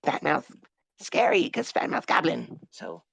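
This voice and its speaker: A woman's voice: low voice, huge pitch swings, a little slow, gravelly, fairly bright tone, breathy edge, no echo, exaggerated voice. A woman voicing a shifty male goblin thief who craves shiny things, speaks of himself in the third person, and uses broken grammar. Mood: scheming.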